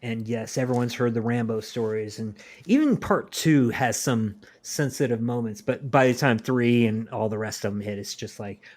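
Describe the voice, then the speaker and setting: A man co-hosting a podcast, talking earnestly and at length, voice sinking quietly at the ends of thoughts. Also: mid-range voice, normal speed, hardly any pauses. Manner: earnest, preachy, trails off quietly. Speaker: podcast co-host. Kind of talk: casual podcast discussion.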